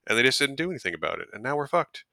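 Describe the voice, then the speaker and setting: A man's voice: mid-range voice, sing-song, rapid-fire, vocal fry, sharp tone, no room sound. A man co-hosting a podcast in casual, wry, rambling chat. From Canada. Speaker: podcast co-host.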